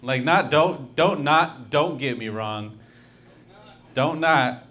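A male stand-up comedian working through his set at an unhurried pace. His delivery rambles and halts, full of restarts and corrections, and his voice sits at an ordinary middle pitch. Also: animated, a bit bright.

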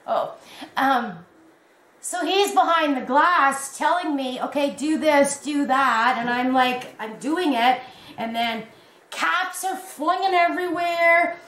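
A woman chatting casually to her viewers, telling a story in an animated way and laughing at herself. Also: high voice, slow. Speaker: crochet vlogger. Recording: echoey room with faint background noise.

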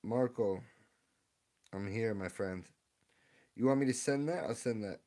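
A man opening trading card packs on a live stream, chatting excitedly with his viewers in a casual, rambling way. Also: on the low side, measured pace.

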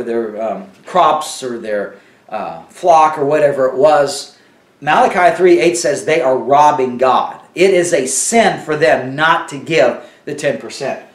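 A man's voice: a little high, reverberant, recorded from a distance. A man teaching verse by verse in a loose, conversational way, full of fillers and asides. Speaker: Bible teacher. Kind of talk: casual Bible teaching.

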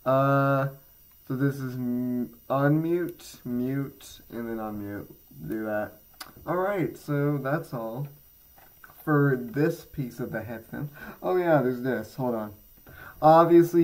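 On a rough recording, a somewhat high, slightly mellow male voice belongs to a teen gaming channel creator. He rambles casually through a headphone review vlog, using lots of fillers and self-mocking humor.

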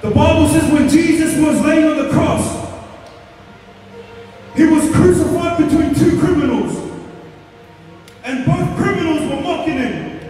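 High-voiced preacher in an echoing hall. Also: male voice, unhurried, pauses often. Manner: impassioned, rising to shouts. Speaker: evangelist. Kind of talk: altar-call sermon. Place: large concert hall. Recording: echoey hall, distant mic, music. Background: music playing under the sermon.

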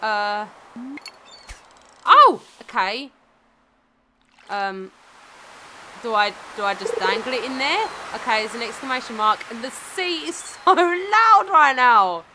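Brief: young woman, let's play host, high bright voice, giggly and excitable. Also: takes it slowly, pauses often. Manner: giggly, excitable, self-mocking. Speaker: gaming channel host.

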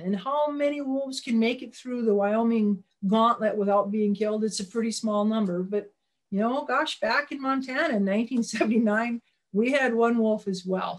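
A woman talks an audience through a wildlife slide presentation in a relaxed, folksy way. Her pitch sits in a middle range, and she often restarts her sentences and calls out for the next slide. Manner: folksy, plainspoken.

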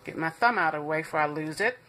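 A woman hosts a home cooking demonstration from her kitchen, chatty and reassuring as she talks straight to her viewers. Her voice sits a little low but comes across bright and forceful. A faint hiss of background noise runs under the recording. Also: fast. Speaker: cooking show host.

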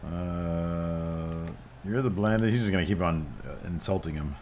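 Dude hosting a gaming vid, hyped play-by-play, yelps then mumbles. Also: male voice, measured pace, a little hiss or hum. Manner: excitable, bursts of loud exclamations then low mutters. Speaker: gaming channel host. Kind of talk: excited play-by-play commentary over a wrestling game.

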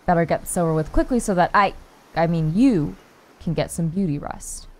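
A woman's voice: fairly low pitch, animated, normal speed, pitched below the performer's own voice, lightly acted. Casting: snarky dating-game narrator, dry and teasing, read by a woman. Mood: wry. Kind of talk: reading game narration aloud.

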